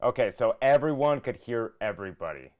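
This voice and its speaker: A man's voice: medium pitch, lively intonation, fairly quick, a little mellow. A young man hosting a casual live-stream podcast, joking and flustered while he sorts out audio trouble. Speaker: podcast host.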